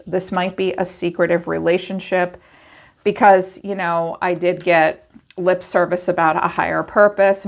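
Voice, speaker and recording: A woman giving a chatty tarot reading to camera, acting out quoted thoughts in animated asides. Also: on the low side, creaky. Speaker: tarot reader.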